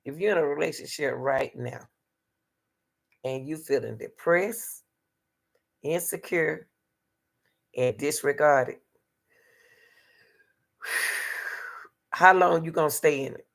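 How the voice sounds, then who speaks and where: A woman's voice: deep voice, takes it slowly, creaky, pauses often. A woman hosting a casual advice talk on relationships, emphatic and repetitive, speaking straight to her listeners.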